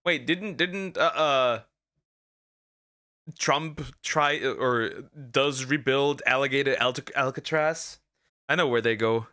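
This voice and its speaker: A man's voice: medium pitch, takes it slowly, sharp tone. A male streamer reacting casually to a video, blunt and profane.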